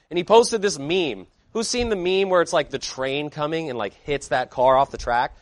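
A pastor delivering a sermon to his congregation in an emphatic preaching manner, posing rhetorical questions and swinging between loud declarations and quiet asides. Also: on the high side, normal speed, hardly any pauses, dry recording, studio quality.

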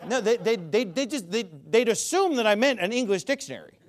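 Another ranting religious commentator, a man whose voice sits high and swings widely in pitch, talks briskly. Emphatic and sarcastic, he keeps stammering and restarting what he says.

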